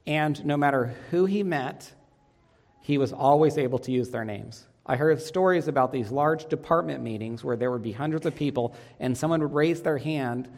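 A middle-aged man preaches from the front of a church sanctuary, speaking conversationally and posing rhetorical questions to his congregation. His voice sits at an ordinary middle pitch, and his pace slows and quickens as he makes his points. The sound carries a long, lingering hall reverb. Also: darkish tone. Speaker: pastor. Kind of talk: sermon.

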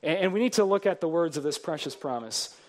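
A man's voice: fairly high pitch, animated, fast talker, darkish tone. A man preaching a sermon as pastor to his congregation, earnest, building emphasis through repeated phrases.

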